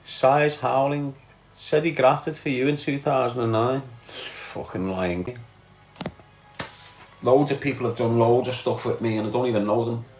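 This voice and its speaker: In a casual live chat, a Scouse-accented man from Liverpool, England speaks bluntly to his viewers, reads out comments and swears freely. He talks a little slowly in a steady, mid-range voice that sounds roomy.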